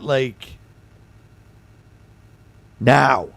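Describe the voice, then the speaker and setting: Hoarse gravelly man streaming. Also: medium pitch, a little slow, no room sound. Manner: excitable, jokey banter with chat. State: hoarse, voice going. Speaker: livestream host. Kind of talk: casual livestream chat.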